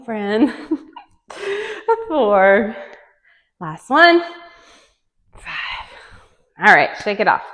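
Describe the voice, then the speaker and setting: A woman's voice: medium pitch, fairly bright tone. A woman leading a home workout, chatty and encouraging, counting reps and sometimes out of breath. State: out of breath at times. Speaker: fitness instructor. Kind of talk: guided home workout coaching. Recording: long reverb, echoey room.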